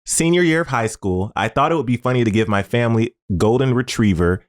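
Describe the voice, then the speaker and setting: A man's voice: mid-range voice, a little fast. A man co-hosting a podcast in casual chat, reading out listener secrets in an easygoing way. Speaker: podcast co-host.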